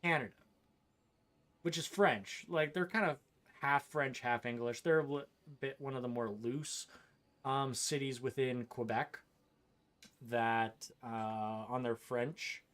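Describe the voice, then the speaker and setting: A man playing through a video game on stream, talking casually over the action. He airs strong, profane opinions in a loose, offhand way, at an ordinary pitch for a man. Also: fairly even intonation, slow pace, fairly bright tone. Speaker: gaming streamer. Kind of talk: casual gameplay commentary.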